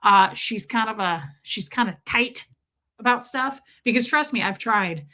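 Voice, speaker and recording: Chatty woman streaming live, bright kinda high voice, rambly jokey stories. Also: measured pace. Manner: rambling, self-mocking, jokey storytelling. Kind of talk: casual live-stream chat.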